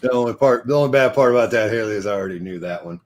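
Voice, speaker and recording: A man's voice: medium pitch, very fast. Dry, teasing man in casual chat. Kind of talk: casual live-stream chat.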